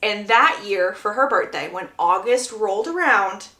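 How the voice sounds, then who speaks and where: A woman's voice: mid-range voice, animated, moderate pace, bright, forceful tone. Chatty woman retelling a story, roomy sound. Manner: chatty, acts out quotes. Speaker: book summary creator. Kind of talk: casual plot retelling.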